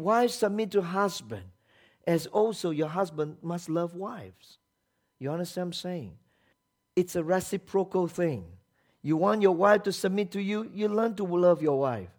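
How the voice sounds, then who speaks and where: A man's voice: fairly high pitch, darkish tone. A man preaching a sermon as pastor, emphatic, asking the congregation rhetorical questions and acting out quoted voices.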